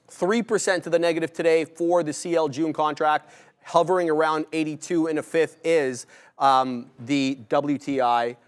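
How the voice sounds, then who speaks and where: A young man hosting a live day-trading stream, giving brisk, upbeat commentary and shout-outs to viewers. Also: a little high, clear, resonant tone.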